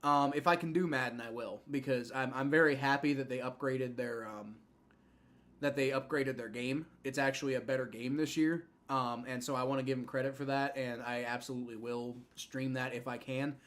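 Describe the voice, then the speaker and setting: A young man hosting a live fan stream, giving rambling play-by-play and reaction with many fillers and restarts, getting excited on big plays. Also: medium pitch, normal speed. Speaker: livestream host.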